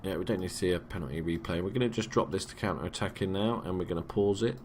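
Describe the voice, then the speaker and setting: A man's voice: low-pitched, fast talker, a little mellow, a little hiss or hum. A young man from England giving casual, sweary, jokey let's-play commentary as a gaming YouTuber.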